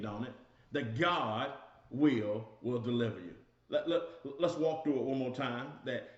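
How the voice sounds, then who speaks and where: A man teaching a Bible study as a sermon, preaching emphatically, repeating his phrases and calling listeners y'all. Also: mid-range voice. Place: church room. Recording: echoey, dull lo-fi church recording.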